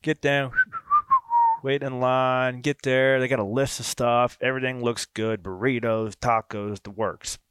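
A man hosting a podcast, telling a casual story with lively quoted dialogue. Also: mid-range voice, measured pace, smooth, no room sound, studio quality. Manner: animated anecdote with quoted dialogue. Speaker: podcast host.

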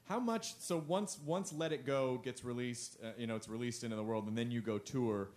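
A man's voice: medium pitch, fairly quick, darkish tone. A man interviewing a comedian in a playful, joking way, laughing often. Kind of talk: casual chat. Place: festival interview.

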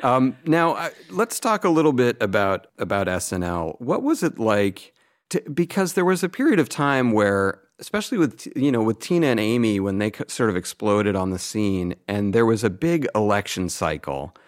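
A man's voice: on the low side, very animated, moderate pace. A man from New England hosting a casual podcast chat, laughing often and talking in a loose, rambling way. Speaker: podcast host.

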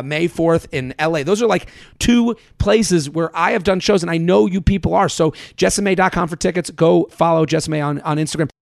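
High-voiced, gravelly podcast host. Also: male voice, no room sound, studio quality. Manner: fast-talking, profane, self-mocking. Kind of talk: casual podcast chat.

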